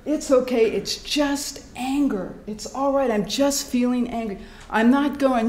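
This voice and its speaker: Woman, workshop presenter, lively and demonstrative, fairly high voice, echoey room. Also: unhurried, hardly any pauses. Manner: animated, demonstrative, acts out sounds and inner voices. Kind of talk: live workshop teaching. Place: hospital meeting room with a live audience. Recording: echoey room, faint background noise.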